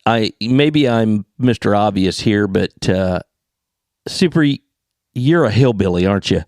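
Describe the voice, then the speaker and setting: Wry lower-voiced man co-hosting. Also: animated, unhurried, a little mellow, dry recording, studio quality. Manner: wry, brief reactions and teasing asides. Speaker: podcast co-host. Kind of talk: casual chat.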